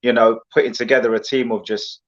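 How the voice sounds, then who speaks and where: A man's voice: medium pitch, fast, dull audio. A man, a guest on a casual football chat show, ranting with passion and calling everyone "mate". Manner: animated, passionate, rambling rants with lots of "mate".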